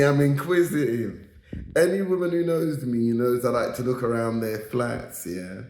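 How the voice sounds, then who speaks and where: A young man telling a story casually, repeating lines for emphasis and checking in with "yeah?". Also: medium pitch. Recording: echoey room.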